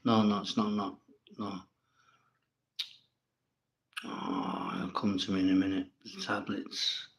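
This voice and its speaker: A man's voice: low-pitched, level tone, takes it slowly, vocal fry, long pauses. A man hosting a casual livestream, reading viewers' comments and answering them bluntly, with plenty of swearing and rambling. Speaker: livestream host.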